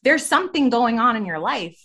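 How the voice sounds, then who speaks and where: A woman's voice: on the high side, fairly quick, slightly rough. A woman in her thirties, a podcast guest candidly telling her personal story with lots of "like" and "you know". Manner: candid, animated storytelling with frequent "like". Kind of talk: personal testimony in a faith podcast interview.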